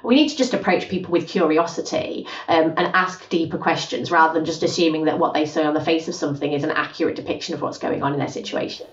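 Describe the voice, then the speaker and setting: A woman, a guest on a podcast, talking in a lively conversational way and acting out quoted voices. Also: low-pitched, fast, few pauses. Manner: animated, acts out quoted voices. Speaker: podcast guest, gender justice specialist. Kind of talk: conversational interview. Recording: roomy, distant, dull podcast audio.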